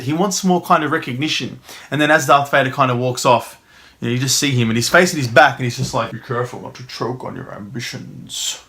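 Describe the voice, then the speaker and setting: A man's voice: medium pitch, a bit bright. A young man giving an enthusiastic, casual film review, swearing freely and acting out the scenes.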